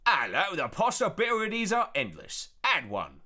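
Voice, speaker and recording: Man putting on mock Cockney accent, cheery chap, exaggerated, higher and louder than his own voice. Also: wildly swooping pitch, normal speed, heavily acted. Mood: cheery hammy.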